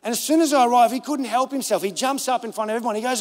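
A man with an Australian accent, preaching a sermon as pastor, telling stories in an animated way and acting out other voices. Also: very high-pitched, quick pace, hardly any pauses. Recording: reverberant church hall.

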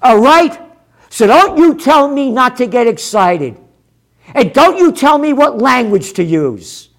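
A man hosting a forecasting show, delivering a combative, profane rant with loud bursts of shouting. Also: very high-pitched, very animated, a little slow. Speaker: host of a trend forecasting show. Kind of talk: ranting commentary.

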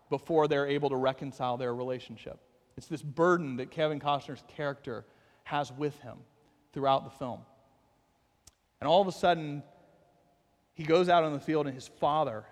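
A man's voice: fairly high pitch, long reverb tail. A middle-aged man preaching a sermon, telling a movie story with self-deprecating humor and building to fervent intensity. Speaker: pastor.

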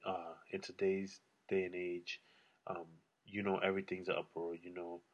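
Husky, low-voiced man ranting casually. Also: little pitch movement, moderate pace, lo-fi sound. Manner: profane, blunt, rambling. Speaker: solo vlogger. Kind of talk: casual solo rant.

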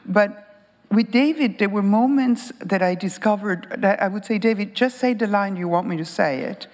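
A woman's voice: mid-range voice, normal speed, darkish tone. A woman in her sixties, an actress and panel guest whose first language is Italian, speaking in a thoughtful, reflective way. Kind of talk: onstage conversation. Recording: hall reverb from a stage talk.

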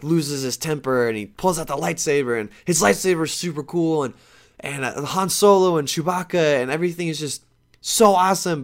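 Animated young man ranting about movies. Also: a little high. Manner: animated, swears often, frustrated outbursts. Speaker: vlogger. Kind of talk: casual movie review rant.

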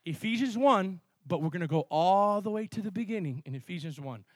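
A male pastor preaching a sermon with energy, mixing sudden loud emphasis with quick asides. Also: sits high, animated, no echo.

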